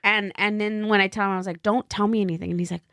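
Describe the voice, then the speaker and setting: A woman's voice: medium pitch, steady tone, quick pace, a bit bright, dry recording, studio quality. A woman co-hosting a podcast, chatting in a rambling way with lots of fillers. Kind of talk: casual chat.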